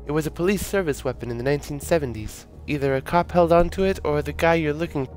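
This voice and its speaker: A man's voice: fairly high pitch, quick pace, a little mellow, soft background music, voice pushed up, lightly acted. A man voicing a chatty, matter-of-fact woman who sells guns, in a game read-through. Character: chatty middle-aged woman gun seller.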